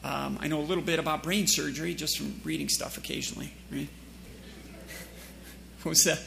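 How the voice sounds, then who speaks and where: Guy preaching in church, really gravelly voice, bit high, asks the room questions. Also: fairly even intonation, moderate pace, background noise. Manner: asks the congregation questions, joking asides. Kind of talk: sermon.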